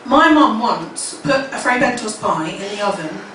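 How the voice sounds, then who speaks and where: A woman's voice: medium pitch, expressive, normal speed, far from the mic. A woman in her thirties doing a stand-up comedy set, rambling and self-mocking with plenty of swearing. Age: 30s. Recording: echoey room from afar, loud crowd. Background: laughing audience, noise.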